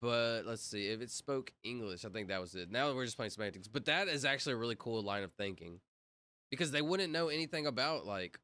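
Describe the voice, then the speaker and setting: A man's voice: mid-range voice, lively intonation, fairly quick, sharp tone. A man streaming live, chatting casually with his viewers and spelling out letters as he plays a word game. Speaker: livestreamer. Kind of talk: casual livestream chat. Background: music playing.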